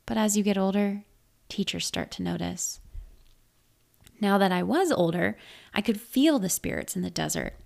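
A woman narrating a first-person story in a measured, reflective way. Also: medium pitch, creaky, darkish tone.

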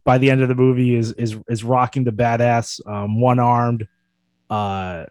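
Male podcast co-host, middle pitch, dry room, self-deprecating and rambling. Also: flat delivery, measured pace, a little mellow, dry recording. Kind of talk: casual podcast chat.

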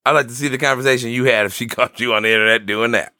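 A man's voice: medium pitch, fairly even intonation, very fast, bright, forceful tone, dry recording, clean studio sound. A man co-hosting a podcast in crude casual banter, telling stories and acting out quotes. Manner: crude, joking storyteller who acts out quotes. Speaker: podcast co-host.

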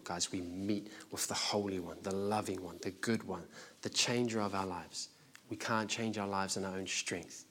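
A man preaching a sermon, earnest and direct, moving between lively storytelling and soft, prayerful speech. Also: low voice, a little hiss or hum. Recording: recorded sermon.

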